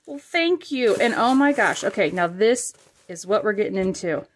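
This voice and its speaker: A woman hosting a casual crafting vlog, unboxing supplies with chatty, gushing excitement and frequent fillers. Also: medium pitch, moderate pace, slight background noise. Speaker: craft channel host.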